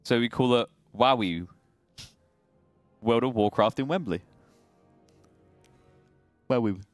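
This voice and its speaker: A man's voice: medium pitch, takes it slowly, no echo, soft background music. A man casting on an esports live stream, chatting casually in a jokey, rambling way. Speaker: esports caster.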